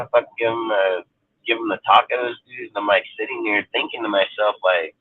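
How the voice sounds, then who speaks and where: A man's voice: on the low side, steady tone, fairly quick, husky. A man from California telling a rambling story in casual chat, emphatic and heavy on profanity. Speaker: roundtable panelist. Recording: tinny phone-line sound, dry.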